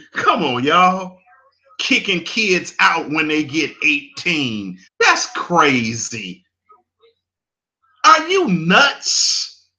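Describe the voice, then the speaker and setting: This commentator has a high, sharp-toned voice. He preaches emphatically through an impassioned monologue, repeating phrases to drive them home and chuckling at his own remarks.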